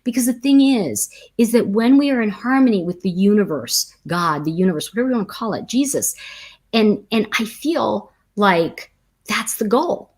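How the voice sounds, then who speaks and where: A woman who teaches tarot chats casually on a livestream, telling animated stories that drift into tangents and answering viewer comments. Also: mid-range voice, moderate pace, slightly rough.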